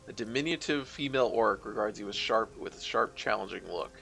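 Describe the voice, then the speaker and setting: A man's voice: fairly low pitch, fairly quick, gravelly, bright, forceful tone, a little hiss or hum. A man streaming a game, reading its text aloud with wry, offhand asides.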